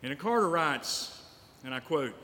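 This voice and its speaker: Male pastor, storytelling sermon, a little high-voiced, in a church hall with long reverb. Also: animated, unhurried, pushed and bright. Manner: storytelling preacher, repeats lines for emphasis. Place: church sanctuary.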